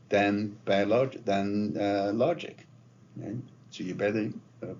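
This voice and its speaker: Low-voiced man lecturing, lo-fi recording. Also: a little mellow. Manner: conversational, often tags phrases with "right?" and "okay?". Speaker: marketing professor. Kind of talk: classroom lecture. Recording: dull lo-fi lecture recording with faint noise.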